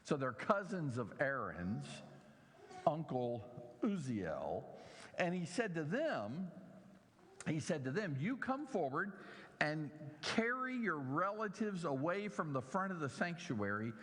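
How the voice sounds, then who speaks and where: A man leads a Bible lesson in a church hall, speaking slowly and stressing each important word. His pitch sits a little high and swings widely as he explains and questions his listeners. A long reverb trails behind him in the room. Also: sing-song, a bit bright. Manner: slow, emphatic teaching with audience questions. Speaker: Bible teacher.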